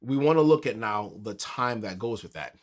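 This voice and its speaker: A man teaching a keyboard tutorial in a relaxed, conversational way, counting beats aloud as he plays. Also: lowish voice, normal speed. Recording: piano music under the voice.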